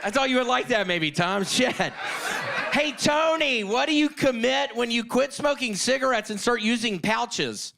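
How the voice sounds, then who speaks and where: Shrill, shouting stand-up comedian man. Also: lively intonation, normal speed, gravelly. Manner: shouted, erratic punchline delivery with giggles. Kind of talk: one-minute stand-up set. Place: comedy club stage.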